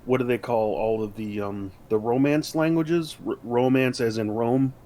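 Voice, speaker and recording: A man talks casually on a podcast, wandering through his points with frequent fillers and restarts. His voice sits at a middle pitch for a man. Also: normal speed, dark tone. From United States. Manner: rambling, many fillers and restarts. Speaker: podcast co-host. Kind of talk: casual chat.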